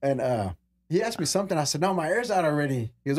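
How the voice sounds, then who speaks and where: A man's voice: fairly high pitch, animated, rapid-fire, breathy edge, dry recording. A man in his forties, a podcast guest, telling firefighting stories in a casual way, acting out other people's lines and swearing freely. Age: 40s. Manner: acts out quoted voices, casual swearing.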